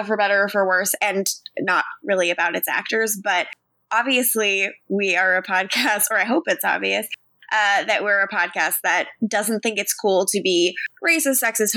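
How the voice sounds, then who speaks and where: A woman's voice: mid-range voice, pushed and bright, no echo. Chatty woman co-host, dry close sound, laughs a lot. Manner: chatty, laughs often, reads chat logs aloud. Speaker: podcast co-host. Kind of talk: casual podcast chat.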